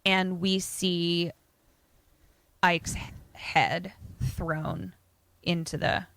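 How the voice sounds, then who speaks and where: A woman co-hosting a casual podcast, retelling a film plot in an animated way with quick asides and laughs. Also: lowish voice, gravelly, no room sound. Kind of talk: casual chat.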